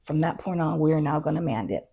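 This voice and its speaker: Speaking quickly in a deep, gravelly, slightly rough voice, this woman is a county constable recounting her experiences in an interview. Her first-person retelling is lively, with dialogue acted out and frequent "you know"s and "um"s.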